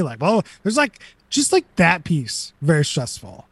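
A man's voice: a little high, huge pitch swings, measured pace, few pauses, husky, dry recording. A man co-hosting a casual chat, rambling through incredulous rhetorical questions.

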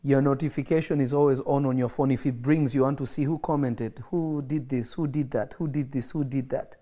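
A man's voice: medium pitch, fairly even intonation, a little fast, warm tone. A man preaching an emphatic livestreamed sermon, repeating phrases for effect, with coughs and laughs between points.

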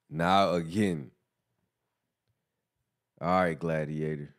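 A man hosting a casual boxing commentary podcast, animated and mocking, who laughs often. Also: low-pitched, slow pace, pauses often. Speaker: podcast host.

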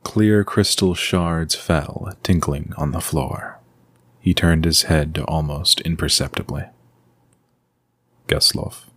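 A man narrating a fantasy story from a script in a steady reading voice. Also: extremely low pitch, slow, no echo.

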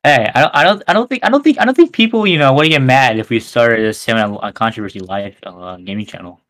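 A man's voice: medium pitch, animated, fast talker, a bit bright. A teenage boy co-hosting a school podcast in casual chat, rambling with many repeated restarts. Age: teens. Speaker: podcast co-host.

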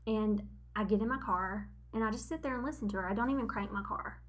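A woman in her forties, co-hosting a podcast, telling a story in a casual chat, animated and laughing at herself as she acts out what people said. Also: medium pitch, fast talker. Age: 40s. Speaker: podcast co-host.

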